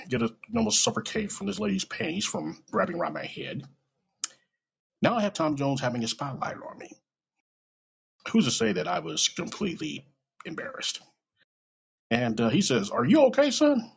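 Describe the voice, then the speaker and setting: Raspy, animated man telling a story. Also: a little high, normal speed, pauses often, low-quality recording. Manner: animated, profane, self-deprecating storytelling. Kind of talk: casual comedic anecdote.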